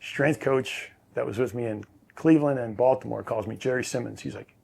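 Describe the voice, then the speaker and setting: A man, a former quarterback, telling stories as an interview guest in a relaxed, rambling way with many fillers and restarts. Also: medium pitch, brisk, vocal fry, slightly rough. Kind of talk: casual storytelling.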